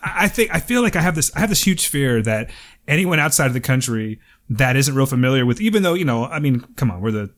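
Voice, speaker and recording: A man's voice: mid-range voice, expressive, quick pace, fairly bright tone. Joking American-ish podcast co-host man. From North America. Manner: joking, laughs often, does mock voices. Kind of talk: casual chat.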